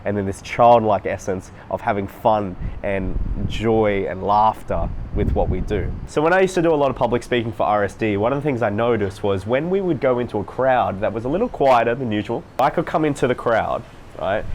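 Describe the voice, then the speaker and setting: A social life coach talks to camera in a casual, emphatic coaching monologue, repeating phrases for stress and mimicking voices to demonstrate. His voice is fairly low, a little mellow and expressive, fairly quick, with slight background noise.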